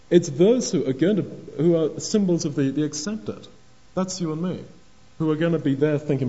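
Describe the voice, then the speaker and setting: An older man preaching a sermon on scripture, halting and repeating words, acting out the voices of people in the story. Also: a little high, lively intonation, warm tone. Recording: dull lo-fi recording.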